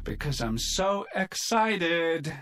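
A man's voice: on the high side, sing-song, slow, a little hiss or hum, full character voice. A man singing a comic musical theatre number as a man going deaf, with patter and spoken asides over a band. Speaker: singer in a stage musical. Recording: cast recording over loud band.

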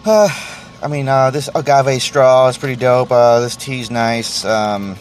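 A man's voice: mid-range voice, a little slow, a little hiss or hum. A man hosting a solo podcast, venting in a rambling way, stammering through restarts and swearing freely. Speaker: podcast host.

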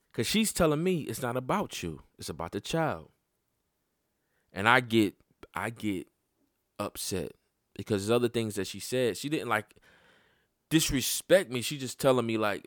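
A man hosting a podcast, telling a personal story in casual, profane talk that climbs sharply in pitch when he gets worked up. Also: a little slow, long pauses, no room sound, studio quality. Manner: animated and profane, voice jumping up when heated. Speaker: podcast host.

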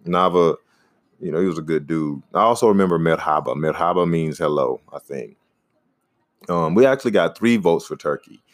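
A man hosting a casual podcast, rambling in a laid-back way and giving shout-outs to listeners. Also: low voice, moderate pace, no echo. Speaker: podcast host; comedian.

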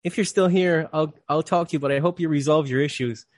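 This is a patronizing male therapist who talks at people in a clinical, detached way, as a man puts him on. His voice is lifted above the storyteller's usual pitch and sounds faintly smug. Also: a little fast, no echo, studio quality, lightly acted.

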